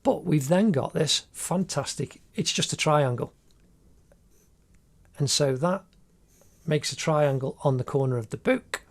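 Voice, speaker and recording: A man's voice: on the high side, measured pace, creaky, pauses often. A man talks through a drawing tutorial step by step in an encouraging way, recorded as a voice-over while he draws. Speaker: art teacher.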